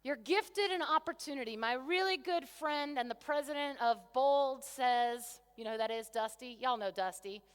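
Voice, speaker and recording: Woman motivational coach, high voice, enthusiastic, crowd-facing, long hall reverb. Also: normal speed, hardly any pauses, smooth. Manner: enthusiastic, talks to the crowd, rhetorical questions. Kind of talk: energetic conference keynote. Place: large convention centre hall.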